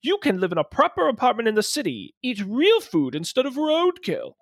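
A man's voice: very high-pitched, huge pitch swings, a little fast, no room sound, studio quality, pitched above the performer's own voice, exaggerated voice. A man playing a condescending city lawyer. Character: pompous male city lawyer, dismissive.

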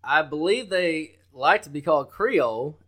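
A man co-hosting a sports betting podcast, talking loudly and brashly with lots of swearing and hype. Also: a little high, expressive, normal speed. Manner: loud, brash, profane and hyped. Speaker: podcast co-host.

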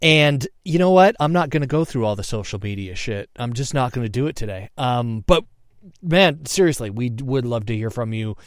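A man's voice: mid-range voice, lively intonation, fairly quick, dry recording, clean studio sound. A man hosting a podcast in loose, casual chat, punchy and rambling, swearing freely and laughing at himself. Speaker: podcast host.

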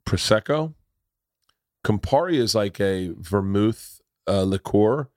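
Animated man telling stories, dry sound. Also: slow, dry recording. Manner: animated, jumps into loud high voices when quoting. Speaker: podcast host. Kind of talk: casual storytelling chat.

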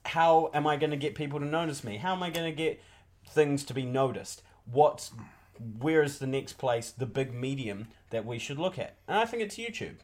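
A man playing a brash, swearing young wannabe film director who pitches himself to a panel. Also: a little mellow, natural voice. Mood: pitching. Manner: swears a lot, quick to take offence. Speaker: podcast co-host.

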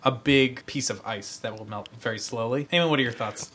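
A man's voice: mid-range voice, brisk, a bit bright, slightly rough. A man with a Philadelphia accent co-hosting a casual podcast chat, rambling with lots of fillers and restarts. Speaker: podcast co-host.

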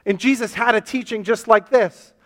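A pastor with a high-pitched, slightly bright voice preaches at a moderate pace in a church sanctuary, his sermon filmed by a camera for online viewers. He's earnest and repetitive, voicing his listeners' questions, and the recording carries a long hall reverb.

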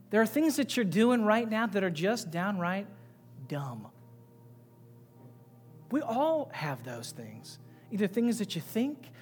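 Preaching man in a reverberant hall. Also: sits high. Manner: preaching, swinging between loud emphatic passages and quiet asides. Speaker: pastor. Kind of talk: sermon. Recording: long reverb with faint music behind.

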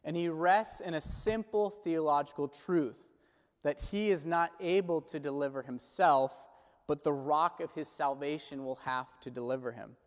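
Guy preaching a sermon, kinda high voice, slow and earnest, big echoey church hall. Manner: measured, earnest preaching with slow quoted prayers. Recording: long hall reverb.

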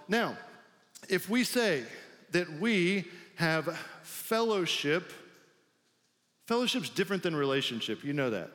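A man's voice: high-pitched, lively intonation, unhurried, fairly bright tone, big-room sound. A male pastor preaching a sermon in a loose, conversational way, with many filler "like"s.

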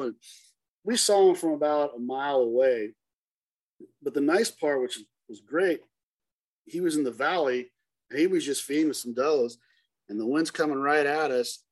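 A middle-aged man, a hunting guide, telling a story in a casual interview and acting out the dialogue with lively turns of voice. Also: on the high side. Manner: animated, acts out dialogue in the story.

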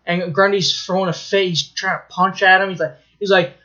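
A man co-hosting a podcast, excitedly retelling a plot in casual chat, swearing freely and restarting his sentences. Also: sits high, brisk, lo-fi sound.

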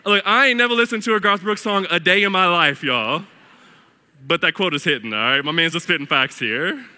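A man's voice: sits high, bright, forceful tone. A male pastor preaching a sermon with emphatic, conversational delivery, breaking into slangy, humorous asides and calling the congregation beloved and family. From northern United States. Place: church sanctuary. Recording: long hall reverb.

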